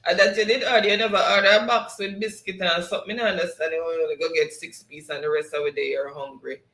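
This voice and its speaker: Jamaican male host, higher voice, laughing comment reader, roomy sound. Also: fairly even intonation, quick pace, pushed and bright. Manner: laughs often, reads comments aloud in patois. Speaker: show host. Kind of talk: casual live-stream chat, reading viewer comments.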